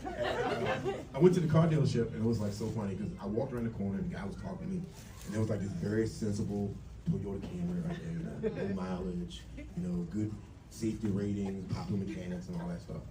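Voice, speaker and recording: A crime author telling a story to a live audience, animated and laughing as he goes. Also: lowish voice, fast, creaky. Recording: echoey hall from far off, loud crowd noise.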